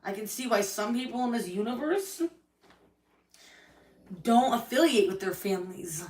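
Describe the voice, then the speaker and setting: A woman's voice: on the high side, lively intonation, moderate pace, darkish tone, recorded from a distance. A woman venting angrily and tearfully on a livestream, swearing often as she speaks about her family and her hurt. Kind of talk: emotional livestream rant. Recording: echoey room, voice from the mic.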